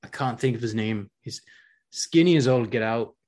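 A man at an ordinary, middle pitch co-hosts a podcast in loose, rambling conversation. He laughs easily, fumbles for names and wanders off topic with a relaxed, talkative manner. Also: moderate pace. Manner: chatty, rambling, laughs often. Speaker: podcast co-host. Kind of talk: casual chat.

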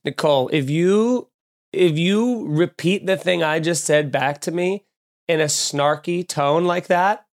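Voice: medium pitch, unhurried. A podcast host talking in a rambling, profane, mock-exasperated comedic way. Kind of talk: casual comedic chat.

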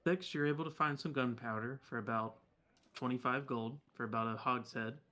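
A man's voice: mid-range voice, steady tone, moderate pace, bright, forceful tone. Casual, jokey male game master. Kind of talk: narrating a tabletop game.

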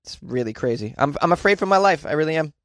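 A man's voice: a little high, expressive, fast, fairly bright tone, dry recording. A man from California giving casual news commentary, sarcastic and incredulous, with rambling asides. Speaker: commentary host.

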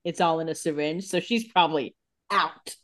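A woman's voice: deep voice, moderate pace. A woman co-hosting a podcast, recapping a TV episode in casual chat, chatty and analytical with a wry edge. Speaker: podcast co-host.

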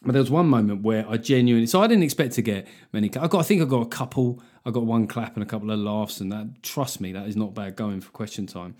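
A man's voice: lowish voice, quick pace, hardly any pauses, darkish tone. A man hosting his own podcast, talking in a rambling, sweary, self-mocking monologue. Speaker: comedian podcast host.

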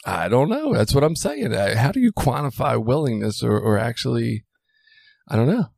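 A man's voice: medium pitch, big pitch swings, moderate pace, creaky, a little mellow, no room sound, clean studio sound. A man co-hosting a podcast in casual chat, blunt, swearing freely and laughing often. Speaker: podcast co-host.

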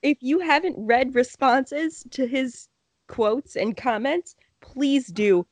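Giggly, higher-pitched woman podcaster. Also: takes it slowly, a little mellow, dry recording. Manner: giggly, laughs often. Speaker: podcast co-host. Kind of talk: casual sports chat.

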